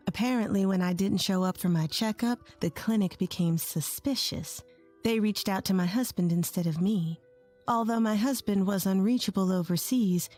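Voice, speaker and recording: Woman narrating a story over soft music. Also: mid-range voice. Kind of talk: scripted first-person story narration. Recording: faint music bed under the voice.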